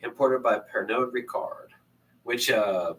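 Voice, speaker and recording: A man's voice: mid-range voice, a little slow, fairly bright tone, slight background noise. A man in a casual whiskey tasting chat at a bar, confident and opinionated, heard from a distant mic.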